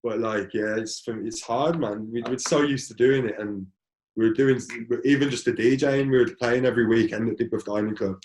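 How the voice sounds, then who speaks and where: A man, a DJ in a music collective, chatting in a relaxed way with casual slang. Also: mid-range voice, brisk, slight background noise. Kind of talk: casual conversation. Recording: echoey room.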